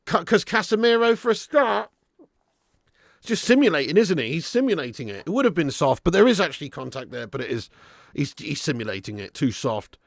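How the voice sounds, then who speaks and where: A man hosting a live football watch-along, excitable, yelling at the referee one moment and muttering the next, and chatting with his viewers. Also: fairly quick, gravelly, dry recording, clean studio sound. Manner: excitable, yells at the referee, then drops to low muttering; swears and chats with live viewers. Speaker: fan channel host.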